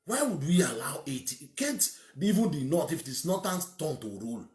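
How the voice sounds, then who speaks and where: Nigerian man, political commentary, ranting, slightly high voice, echoey room. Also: very animated, a little fast, darkish tone. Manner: emphatic, ranting, many rhetorical questions. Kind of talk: opinionated monologue.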